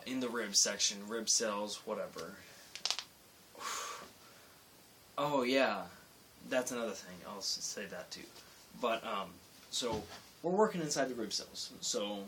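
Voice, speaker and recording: A young man with a lowish voice vlogs late at night, sitting far from and slightly off the mic amid faint hiss. His work story wanders, keeps interrupting itself, and breaks into loudly performed quotes.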